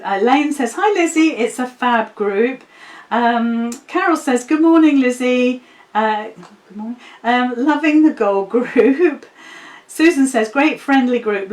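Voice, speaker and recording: A woman hosting a casual sewing live stream, chatting, laughing often and reading out viewer comments. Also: mid-range voice. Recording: echoey room.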